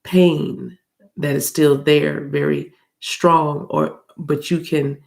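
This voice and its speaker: Low, gravelly-voiced American woman reader. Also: flat delivery, slow, darkish tone. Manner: chatty and rambling, addresses viewers as y'all, laughs often. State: allergy-roughened voice. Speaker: spiritual card reader. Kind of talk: casual tarot reading chat.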